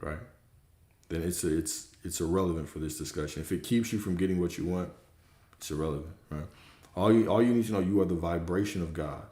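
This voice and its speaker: Male spiritual coach, low voice, emphatic and casual, swears, echoey room. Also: a little fast, warm tone. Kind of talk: livestream talk. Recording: roomy echo.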